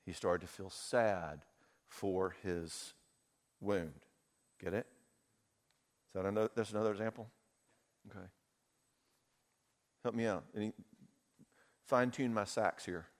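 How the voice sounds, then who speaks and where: A man's voice: on the low side, fairly even intonation, unhurried, pauses often. A man giving a conference talk, telling personal stories candidly and with feeling. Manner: candid, storytelling, emotional. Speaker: conference speaker. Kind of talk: talk with audience Q&A. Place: conference hall. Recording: reverberant hall.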